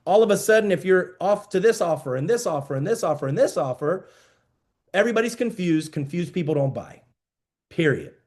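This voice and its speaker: A man's voice: sits high, animated, brisk, a little mellow. A man giving a motivational business talk to a mastermind group, emphatic and repetitive, coaching his listeners. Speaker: business mentor.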